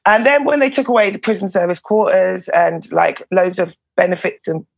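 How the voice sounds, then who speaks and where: A woman tells prison stories in a loose, animated way, swearing freely as she goes. Her mid-pitched voice is gravelly and husky. The recording sounds a little dull and lo-fi. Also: normal speed. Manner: animated, swears freely, laughs between lines. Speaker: former prison officer and comedian. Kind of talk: casual storytelling in a podcast interview.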